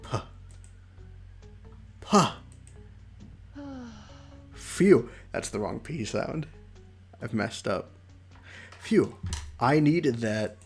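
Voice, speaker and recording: A man's voice: medium pitch, expressive, extremely slow, gravelly, long pauses, faint music behind, exaggerated voice. A man voicing a casual, puzzled female zombie while reading a visual novel aloud on stream.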